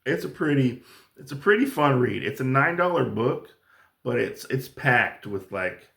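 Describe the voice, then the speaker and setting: Chatty man with a gravelly voice. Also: mid-range voice, animated, a little slow, fairly bright tone, reverberant. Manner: enthusiastic, rambling with fillers. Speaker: comic book YouTuber. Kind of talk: casual haul review.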